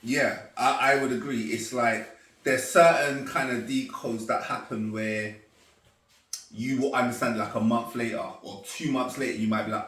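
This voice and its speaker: A man telling a story in a casual, animated way. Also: mid-range voice, normal speed. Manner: animated, excitable, laughing as he tells it. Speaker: storyteller guest. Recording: echoey room, distant mic.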